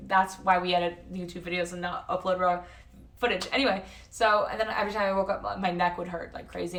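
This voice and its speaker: A young woman streamer talks loosely from a hotel room, swearing freely and hopping from one tangent to the next. Her voice sits at an ordinary middle pitch. It carries an echo off the room's walls and sounds set back from the microphone. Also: a bit bright, recorded from a distance. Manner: rambling, swears freely, jumps between tangents. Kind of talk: casual live-stream chat. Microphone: facecam at a distance. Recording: echoey room, voice off-mic.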